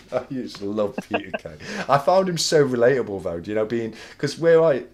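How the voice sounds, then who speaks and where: A man from the Midlands with a Northern English accent, hosting a casual chat, halting and repeating himself, often laughing. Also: medium pitch, big pitch swings, a crowd in the background. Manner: hesitant, repeats words, bursts into laughter. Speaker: host. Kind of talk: casual live-stream chat.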